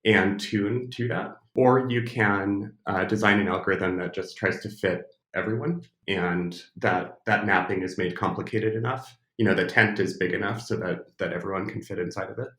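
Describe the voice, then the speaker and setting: A man's voice: fairly low pitch, steady tone, normal speed, hardly any pauses, fairly bright tone. An American man being interviewed as an expert, speaking thoughtfully with hesitations and restarts. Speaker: podcast guest, speech technology expert. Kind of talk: casual interview talk. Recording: roomy echo.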